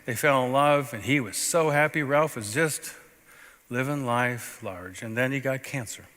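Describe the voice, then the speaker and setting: A male pastor delivers a story-driven sermon in a bright, forceful voice. He preaches conversationally, swinging from loud outbursts to near-hushed asides. His voice rings out with the long reverb of a church sanctuary. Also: medium pitch, a little slow.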